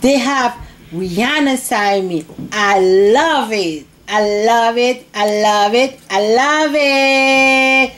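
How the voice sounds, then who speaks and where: Woman doing a showy Easter egg girl, slow, delighted, repeats herself. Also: on the high side, fairly bright tone. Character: showy female Easter egg named Picky.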